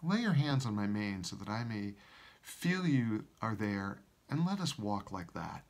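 A man voicing a sorrowful, gentle great male lion while reading a storybook aloud in a devotional. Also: fairly low pitch, sing-song, unhurried. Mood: sad, gentle.

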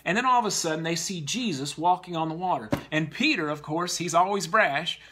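A man's voice: a little high, brisk, pushed and bright, husky. A man preaching a sermon to a congregation, earnestly exhorting the listeners.

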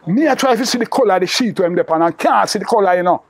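Recalling an old friend for an interviewer, this older Jamaican man speaks in patois, rambling on, repeating himself, and sprinkling in "you know" constantly. His high voice is animated and racing, with no echo on the recording.

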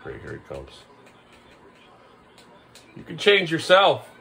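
A man's voice: on the high side, huge pitch swings, slow, vocal fry, pushed and bright. A man filming his kids at home in a casual vlog, exasperated and half-laughing as he talks to them. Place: family home.

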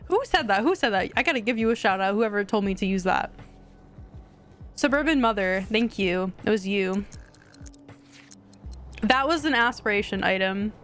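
A woman streaming a life-simulation game, chatting excitably with her viewers in casual live commentary. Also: mid-range voice, moderate pace, pauses often, soft background music.

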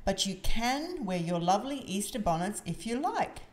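A kind gazelle schoolteacher in a storybook, given voice by a woman reading aloud. She talks slowly and gently to the children, her voice rising and falling with lively warmth. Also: mid-range voice, natural voice. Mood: gentle. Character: kind female gazelle teacher.

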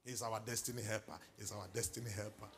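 A middle-aged Nigerian man preaching a sermon as pastor, moving from quiet asides to loud exhortation and calling for responses. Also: lowish voice, fairly even intonation, fast talker, slight background noise. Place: large church hall.

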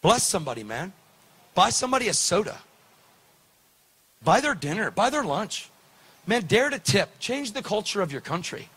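A man preaching, telling a story with lively, preacherly delivery and acted-out dialogue. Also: high voice, moderate pace, pauses often, slightly rough. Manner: animated, preacherly, acts out dialogue. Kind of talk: sermon storytelling.

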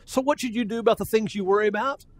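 An older man delivering a sermon in a high-pitched voice. He talks in a homespun, chatty way and keeps circling back to restart his phrases as he builds his point. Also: fast, dry recording. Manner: folksy and conversational, with frequent restarts. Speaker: preacher.

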